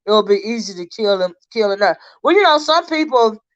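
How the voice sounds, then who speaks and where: A woman hosts a casual livestream about a crime case, chatting directly to her viewers and stumbling into restarts as she reads posts aloud. Her animated, medium-pitched voice is carried by slightly dull lo-fi stream audio.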